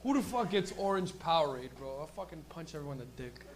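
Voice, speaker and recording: A man's voice: on the high side, big pitch swings, fast talker, slight background noise. A young man hosting a stand-up comedy show, rambling and giggling through stoned banter with a live crowd. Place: small comedy stage with live audience.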